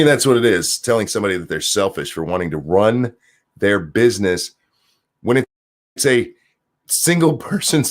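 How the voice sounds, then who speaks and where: A man with a lowish voice that swings widely as he rants. He reads out viewer comments and answers them with sarcasm and profanity in casual stream commentary. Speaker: streamer host.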